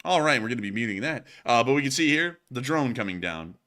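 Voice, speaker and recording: A man's voice: mid-range voice, expressive, quick pace, few pauses, bright, forceful tone. A man co-hosting a casual war news stream, talking energetically and joking, with lots of "man" and "like". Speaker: co-host.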